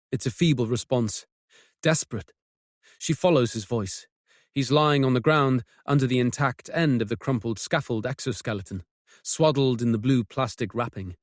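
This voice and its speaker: A man narrating a mystery audiobook with measured, tense storytelling. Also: mid-range voice, no echo, clean studio sound. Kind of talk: scripted narration.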